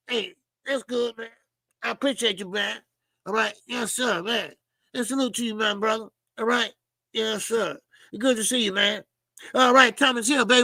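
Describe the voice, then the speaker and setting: A man's voice: very high voice, pushed and bright, dry recording, clean studio sound. A man hosting a casual boxing livestream, talking animatedly with swearing and greeting chat viewers by name. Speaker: boxing show host.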